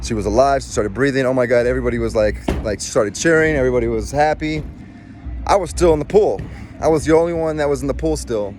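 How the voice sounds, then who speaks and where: A man's voice: medium pitch, fast, a little mellow, faint music behind. A middle-aged man, a former Marine, telling a personal story in casual, rambling speech with many restarts. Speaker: former Marine recounting a rescue.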